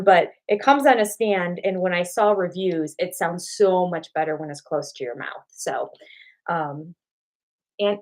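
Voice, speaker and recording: An older woman hosting a casual live-stream chat at home, talking with fillers and restarts into a cheap desktop microphone. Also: mid-range voice. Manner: chatty, thinks aloud with fillers and restarts. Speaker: channel host answering live chat. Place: home room.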